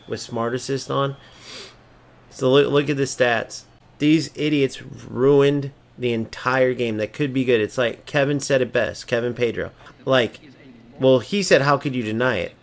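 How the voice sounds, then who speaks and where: A man at an ordinary middle pitch rants through his football video game match, cursing constantly and mocking his opponents. He drops to low mutters, then bursts out loud again. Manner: angry, profane, swings between mocking and muttering. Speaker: gaming streamer. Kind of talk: ranting live gameplay commentary.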